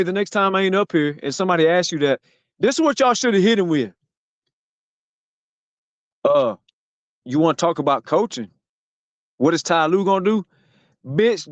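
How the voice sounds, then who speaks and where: A man hosting a podcast, ranting about basketball in a loud, profane, mocking way, repeating himself often. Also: high-pitched, dry recording, lo-fi sound. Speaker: podcast host. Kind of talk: heated podcast sports talk.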